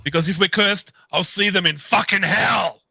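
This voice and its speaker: A man with a fairly high, bright voice, joking and riffing on a casual panel show. He repeats his own phrases for comic effect. He sounds dry and close to the mic. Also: normal speed, creaky, husky, no echo, rough recording.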